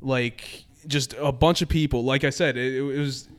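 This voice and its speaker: A man from New Jersey telling a long story in casual chat, animated and full of swearing. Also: mid-range voice, normal speed.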